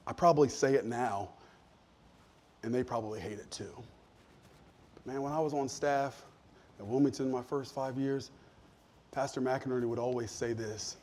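A man preaching a sermon as a pastor, talking in a conversational way that sinks to soft asides and climbs to emphatic points. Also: mid-range voice, normal speed, long pauses, a little hiss or hum.

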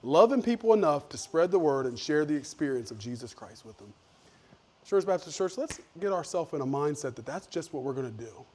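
A middle-aged man, a pastor preaching a sermon, telling stories in a folksy way with lively swings in loudness. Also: on the high side, brisk.

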